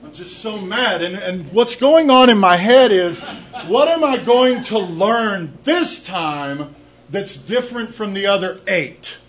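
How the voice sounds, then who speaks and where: A middle-aged man tells an audience his own recovery story, candid and self-deprecating, often repeating words as he begins a thought. His high voice is animated and fairly bright, and he takes it slowly. The audio quality is poor.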